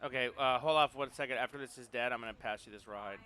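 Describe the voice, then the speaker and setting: A man's voice: mid-range voice, quick pace, sharp tone. A man on a headset, talking easygoingly and offhand while sharing out loot in an online game. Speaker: player handing out loot. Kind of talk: casual voice chat while gaming.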